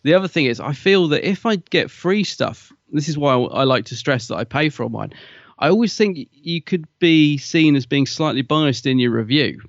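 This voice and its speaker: A man chats as a podcast co-host, animated and a bit self-deprecating, and he acts out quoted lines. The recording is dry and a touch muffled. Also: on the high side, moderate pace, no room sound. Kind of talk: casual podcast chat.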